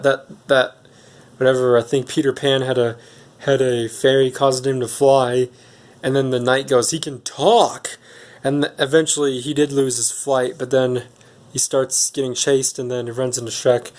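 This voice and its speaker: Brief: everyday guy retelling a movie plot, rambling and unsure, middle-of-the-road pitch. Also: darkish tone. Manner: rambling, hesitant, many ums and restarts. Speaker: movie reviewer. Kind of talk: casual film recap.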